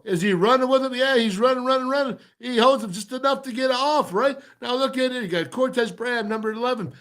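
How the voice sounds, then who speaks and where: High-voiced, animated football film analyst. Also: male voice. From former offensive lineman. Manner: animated, emphatic, repeats phrases. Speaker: football show host breaking down game film. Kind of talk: excited film-breakdown commentary.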